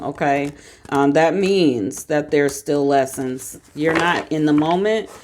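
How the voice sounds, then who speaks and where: Low-voiced Southern woman reading tarot. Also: background noise. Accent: Southern US, Georgia. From Georgia, US. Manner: chatty, laughing, folksy asides. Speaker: tarot reader. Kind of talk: casual tarot reading monologue.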